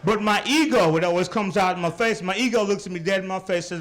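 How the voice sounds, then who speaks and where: A young adult man performing a stand-up routine on a club stage, teasing the crowd in an animated way. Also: high-pitched, fast, hardly any pauses. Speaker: stand-up comedian. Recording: live club recording with audience noise.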